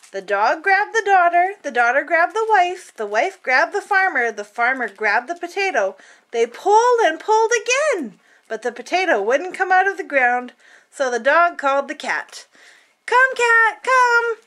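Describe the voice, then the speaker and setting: Reading a picture book to kids, this high-voiced woman speaks at normal speed in a playful, expressive storytelling style.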